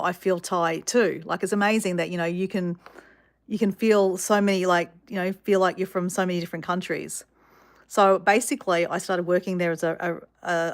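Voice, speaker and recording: A woman telling a story to her viewers in a chatty, animated way with many fillers. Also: fairly low pitch. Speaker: vlogger.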